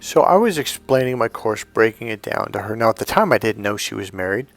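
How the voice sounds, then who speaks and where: A man's voice: on the low side, very animated, brisk, faint music behind. A middle-aged man coaching on dating, telling stories bluntly, swearing freely and acting out both sides of conversations. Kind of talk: storytelling to camera.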